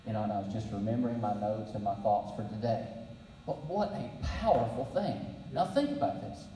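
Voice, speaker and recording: Middle-aged man, folksy storyteller with dry humor, mellow voice, picked up from a distance in a long-echo hall. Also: lowish voice, a little fast, slight background noise. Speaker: breakfast speaker. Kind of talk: faith-based leadership talk. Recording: roomy hall, distant mic.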